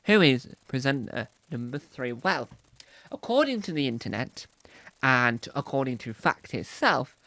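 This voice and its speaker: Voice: mid-range voice, big pitch swings, measured pace, no echo. Rambling vlogger, dry sound. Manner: rambling with many restarts and sudden loud emphasis. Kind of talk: rambling casual commentary.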